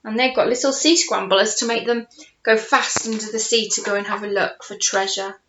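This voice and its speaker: A woman's voice: medium pitch, a little fast, a little hiss or hum. A woman teacher reading a picture book aloud to young children at home, playful and asking them questions. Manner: lively, playful, asks the young listeners questions. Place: home with a conservatory. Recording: roomy, dull home recording.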